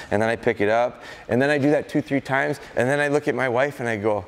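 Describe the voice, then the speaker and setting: A middle-aged man from Wisconsin giving a live dog-training seminar to an audience, telling stories and acting out excited calls to a puppy. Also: mid-range voice, fast talker. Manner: animated storytelling, acts out excited calls to dogs. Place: large indoor hall with a corridor.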